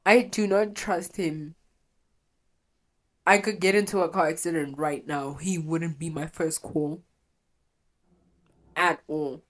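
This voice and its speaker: A young woman talks alone on her podcast, opening up in a confessional way. Her voice is low for a woman. She speaks bluntly and swears freely. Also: fairly even intonation, takes it slowly, pauses often. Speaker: podcast host.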